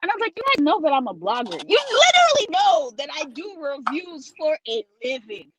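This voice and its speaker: A woman who co-hosts a podcast and works as a blogger, telling a story in an expressive, sassy way. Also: high voice, moderate pace, poor audio. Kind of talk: casual chat.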